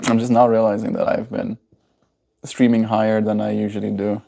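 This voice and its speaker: A man's voice: lowish voice, little pitch movement, a little fast, creaky, warm tone. A man with a South African accent chatting casually on a livestream, rambling, chuckling often and reacting to viewers' comments. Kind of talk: casual live-stream chat.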